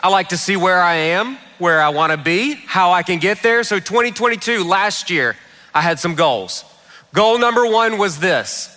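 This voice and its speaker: A man preaching a sermon, telling a funny family story with lively comic timing. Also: high voice, moderate pace, big-room sound. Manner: humorous, animated storyteller. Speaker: pastor.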